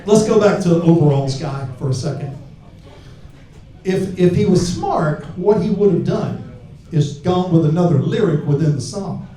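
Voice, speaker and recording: A man's voice: fairly high pitch, expressive, moderate pace. A man from Alabama, doing a crude, brash stand-up set on a club stage with a handheld mic. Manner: crude, brash, shouting punchlines. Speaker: stand-up comedian. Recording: roomy club sound from far off.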